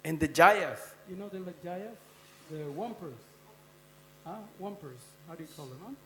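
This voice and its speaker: A man's voice: high voice, lively intonation, normal speed. A man giving a devotional scripture class in a temple, talking conversationally and quizzing his listeners as he goes. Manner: conversational, quizzing the audience with "huh?" and "you know?". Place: temple hall. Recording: long hall reverb with faint mains hum.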